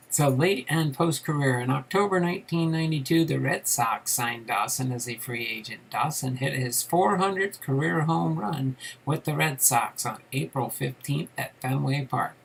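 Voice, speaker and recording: A man hosting a live card-collecting stream, joking with his chat and reading out baseball history in a steady tone. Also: medium pitch, creaky, slight background noise, rough recording. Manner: jokey banter with chat, reads history in a steady tone.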